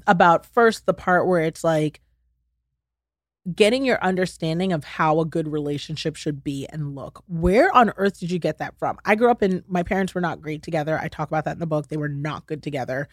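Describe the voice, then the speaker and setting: A woman's voice: sits low, fairly quick, no echo, studio quality. A woman hosting a podcast in casual chat, chatty with lots of fillers, asking probing questions. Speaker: podcast host.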